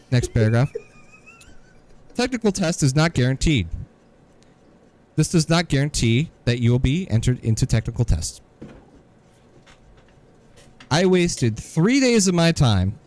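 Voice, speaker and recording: A man's voice: mid-range voice, a little mellow. A man co-hosting a podcast, telling a story in an exasperated, sarcastic rant. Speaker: podcast co-host. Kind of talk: casual ranting podcast chat.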